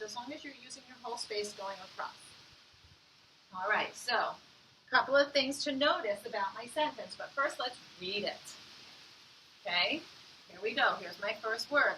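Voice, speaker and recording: A woman teacher giving an online phonics lesson to young children. She speaks encouragingly and sounds words out slowly. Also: on the high side, bright, forceful tone, recorded from a distance, slight background noise, rough recording.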